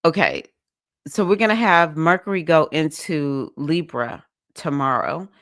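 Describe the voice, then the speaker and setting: A woman's voice: deep voice, unhurried, a bit bright, no echo, studio quality. A woman hosting a casual livestream, chatty and emotional as she greets viewers by name and talks through the week's astrology. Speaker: livestream host, astrology reader.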